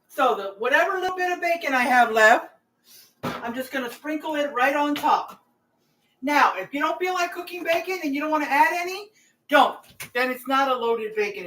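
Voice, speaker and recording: She has a high, somewhat bright voice and runs a cooking vlog from her home kitchen. Rambling in a chatty way, she speaks directly to her viewers.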